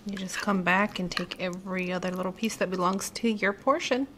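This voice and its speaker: A woman's voice: mid-range voice, a little fast, few pauses, fairly bright tone, slight background noise. A woman hosting a casual cooking demonstration in a home kitchen, chatting directly to her viewers. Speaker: cooking vlog host.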